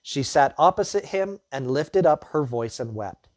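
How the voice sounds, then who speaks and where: Man, pastor, sermon, conversational retelling of scripture, everyday asides, middle pitch. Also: expressive, measured pace, no echo, clean studio sound. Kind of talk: sermon teaching through a Bible passage.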